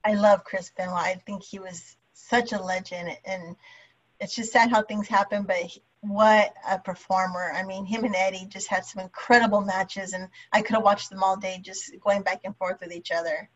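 A woman hosts a podcast in a relaxed, chatty way and laughs easily. Her voice sits in a middle range. The recording is dull and lo-fi. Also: medium pitch, normal speed. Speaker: podcast host. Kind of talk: casual interview chat. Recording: dull lo-fi sound.

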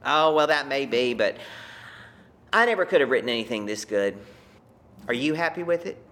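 A man voicing his conservative small-town father in his eighties, loud and exclamatory in a retold story. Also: medium pitch, animated, normal speed, close to an everyday voice. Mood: warmly proud. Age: 80s.

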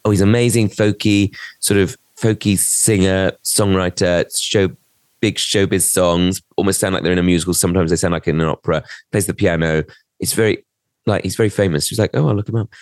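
A man's voice: low-pitched, fairly quick, dry recording, clean studio sound. A man, co-hosting a podcast and telling a story in casual chat. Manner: animated storyteller, acts out quoted voices. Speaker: podcast co-host.

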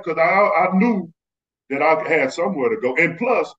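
Texas guy, bit high voice, animated storyteller doing little voices, kinda muffled dull audio. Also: moderate pace. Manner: animated, acts out quoted voices. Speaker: guest, former basketball player. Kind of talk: casual storytelling.

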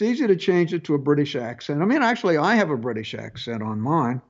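A man's voice: on the high side, very animated, muffled recording. A man hosting a tech advice show, talking casually with frequent restarts and fillers. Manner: halting, many restarts and fillers. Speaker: radio tech show host. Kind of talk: casual call-in advice talk.

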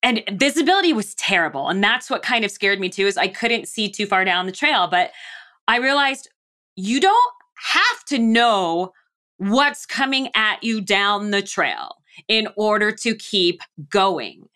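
A middle-aged woman from the United States speaks as an interview guest, with a bright, forward tone. She tells her story vividly and slips into the voices of her own thoughts and of the people she quotes. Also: mid-range voice, sing-song, a little slow. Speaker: guest, mountaineer.

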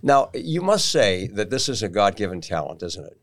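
A man's voice: lowish voice, very animated, normal speed. A man hosting an interview show, affirming his guest with frequent interjections. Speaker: talk show host. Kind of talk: interview conversation.

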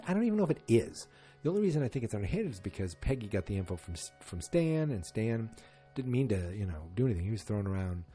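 A man's voice: lowish voice, mellow. A man casually recapping a TV episode, rambling and correcting himself as he goes. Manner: rambling, self-correcting, many fillers.

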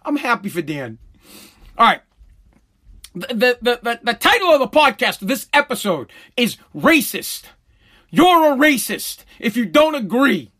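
A man's voice: very high-pitched, a little slow. A middle-aged man hosting a podcast, telling stories in a loose, profane monologue with frequent laughter. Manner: animated storytelling, laughs often, swears freely. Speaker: podcast host.

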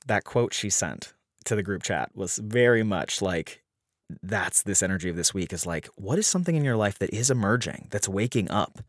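A man with a very low voice talks loosely on his podcast, restarting sentences and jumping up in pitch when he wants to stress a point. The sound is dry and close, with no room echo. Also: animated, normal speed. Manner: rambling, many restarts. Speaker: podcast host. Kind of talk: casual astrology talk.

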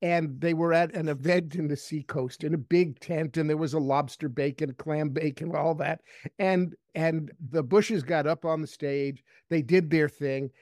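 A man's voice: a little high, steady tone, measured pace, a little mellow, no echo, clean studio sound. A man on a political panel who tells playful anecdotes. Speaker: political commentator.

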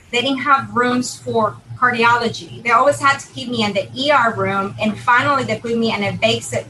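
A middle-aged woman telling a personal testimony in an earnest, halting, emotional way. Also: fairly high pitch, sharp tone, a little hiss or hum, rough recording. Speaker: guest telling her near-death story.

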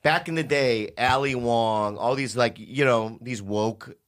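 Blunt, profane comedian guest. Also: male voice, medium pitch, unhurried, fairly bright tone. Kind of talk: casual podcast chat.

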